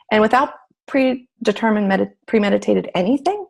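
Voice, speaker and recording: A woman's voice: mid-range voice, fast talker, a little mellow. A middle-aged woman telling a personal story in casual talk, acting out her own inner voice. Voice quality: gravelly, husky. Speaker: guest.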